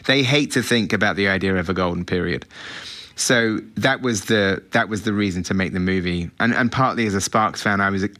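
A man's voice: on the low side, fairly bright tone. A middle-aged British man, a film director, answering interview questions in a chatty, reflective way with frequent restarts.

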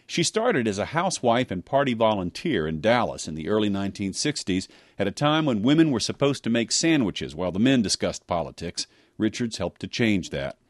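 A man reporting for radio news, narrating a scripted story in a measured, expressive delivery. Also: on the low side, no room sound, studio quality. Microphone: close studio mic.

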